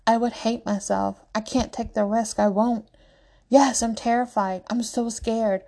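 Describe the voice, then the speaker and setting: A woman's voice: a little high, steady tone, unhurried, warm tone. A woman voicing a shaken but stubborn young man mage who insists on staying to fight. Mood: insistent. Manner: earnest, insistent.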